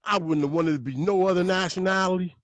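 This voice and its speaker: A man talking as a podcast guest, telling stories in a lively, profane way. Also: high-pitched, fast, dry recording. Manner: animated, profane storytelling. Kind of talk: casual podcast talk.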